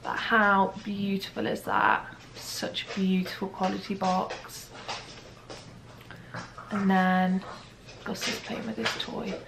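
A young woman talks to camera in a casual home vlog, gushing and rambling with plenty of "like"s. Her pitch sits in an ordinary middle range, and faint household noise hums behind her. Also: little pitch movement, takes it slowly, creaky, pauses often. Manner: chatty, gushing, rambling with many "like"s. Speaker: vlogger. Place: at home, kitchen.

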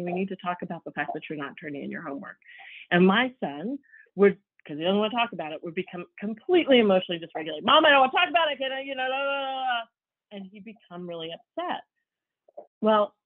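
A woman's voice: fairly low pitch, no room sound. A middle-aged woman giving a conversational workshop talk, telling stories and acting out quoted dialogue. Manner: warm storytelling, acts out quoted dialogue. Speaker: workshop speaker. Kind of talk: conversational presentation. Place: home office. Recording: dry, tinny phone-like audio.

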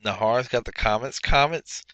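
Bright-voiced man teaching grammar. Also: mid-range voice, normal speed, no echo. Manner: explanatory, frequent fillers. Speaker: Hebrew teacher. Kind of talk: workbook lesson walkthrough.

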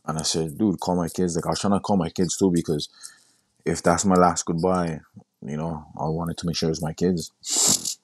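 A young man with a very deep voice recounts his story in a halting, repetitive way and keeps quoting himself. The sound is dry and close, with no room around it. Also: little pitch movement, slightly rough, no echo. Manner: halting, repeats words, quotes himself. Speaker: guest sharing his story. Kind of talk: casual storytelling.

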